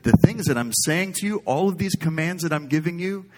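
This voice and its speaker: A man's voice: fairly high pitch, a little fast. A man preaching a sermon in a conversational, humorous style, wandering off into stories. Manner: conversational, humorous, rambling storyteller.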